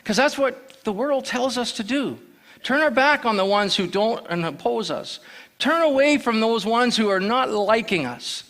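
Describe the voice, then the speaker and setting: A man's voice: sits high, bright, forceful tone. A man giving a church sermon as guest preacher, telling plain stories with restarts and repeated words. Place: church sanctuary.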